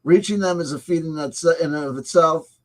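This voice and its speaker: A man with a slightly high voice reviewing a tabletop game supplement in a casual way. He reads the text aloud and cuts in with sarcastic, profane remarks. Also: normal speed.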